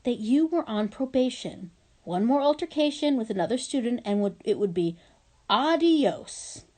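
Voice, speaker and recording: A woman reading aloud, voicing a stern middle-aged female school principal who scolds in slow, clipped, emphatic phrases. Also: fairly high pitch, lively intonation, mellow.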